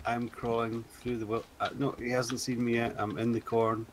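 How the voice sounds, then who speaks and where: A man's voice: medium pitch, level tone, normal speed. Man, teasing gaming chat, game noise behind. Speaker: fellow player. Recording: noisy game audio.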